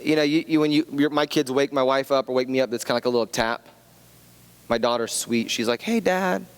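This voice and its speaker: A man's voice: mid-range voice, little pitch movement, fast talker, smooth. A man in his thirties preaching a casual sermon, joking about his family and rambling into asides. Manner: chatty and self-deprecating, many restarts and asides. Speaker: pastor. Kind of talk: conversational sermon with personal stories. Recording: long reverb of a church hall.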